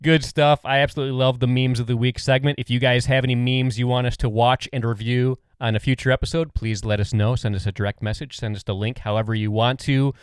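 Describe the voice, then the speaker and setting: A man's voice: medium pitch, fairly even intonation, fast, hardly any pauses, clear, resonant tone, no room sound. A man hosting a podcast, chatting casually, laughing often, and leading into segments. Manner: easygoing, laughs often, plain segment lead-ins. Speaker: podcast host.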